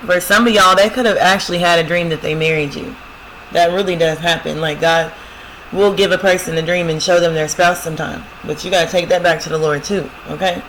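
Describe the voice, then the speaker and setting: Woman host of spiritual love readings, bright and forceful, chatty and repetitive, speaks directly to viewers. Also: on the low side, steady tone, brisk, a little hiss or hum, rough recording. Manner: talks straight to viewers, repeating "y'all" and "I'm telling you"; reads song lyrics aloud, then interprets them. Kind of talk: casual prophetic love reading.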